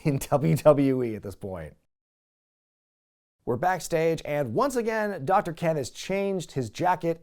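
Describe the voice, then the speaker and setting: A man's voice: medium pitch, darkish tone. A man hosting a casual wrestling review show, recapping matches with wry, chuckling asides. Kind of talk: casual commentary.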